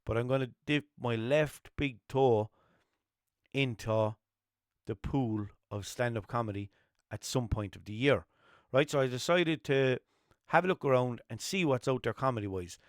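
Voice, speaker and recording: A young man with a Limerick Irish accent hosting a solo podcast, rambling and swearing through jokey stories and putting on high voices for the people in them. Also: normal speed, no room sound, clean studio sound. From Ireland. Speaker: podcast host. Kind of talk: casual solo podcast chat.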